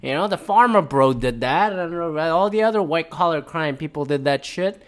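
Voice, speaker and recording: A man's voice: a little high, expressive, normal speed. A man hosting his own show alone from home, talking in a loose, rambling and heavily profane way. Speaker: podcast host. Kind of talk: casual solo monologue. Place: at home indoors.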